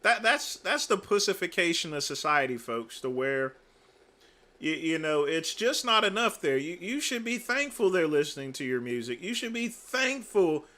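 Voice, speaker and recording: A male host offers sarcastic commentary on a livestream in a somewhat high, crisp voice. His pitch swings widely, and his delivery turns mocking and exaggerated. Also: very animated, normal speed, pushed and bright.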